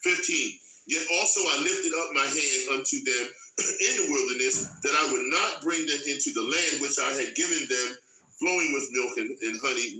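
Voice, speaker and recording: A male preacher reading scripture verse by verse, cutting in with blunt, emphatic asides and slowing down to hammer home key phrases. His voice is very bright and sharp. It sounds roomy and echoey, with faint music underneath. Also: mid-range voice. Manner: slows down to stress key phrases. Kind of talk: scripture reading with sermon commentary.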